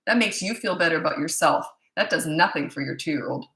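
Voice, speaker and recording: A woman's voice: deep voice, brisk, a bit bright, roomy sound. A woman parenting coach giving blunt, emphatic advice in a casual monologue, repeating her points for stress.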